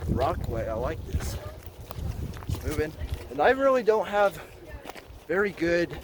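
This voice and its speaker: A man talking casually to his camera on a hike, goofy and joking, climbing a rocky outdoor trail as he talks. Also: a little high. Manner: goofy, joking, excitable asides; walking and climbing while talking. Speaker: vlogger and root beer reviewer. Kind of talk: casual hiking vlog. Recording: outdoor phone video with wind noise.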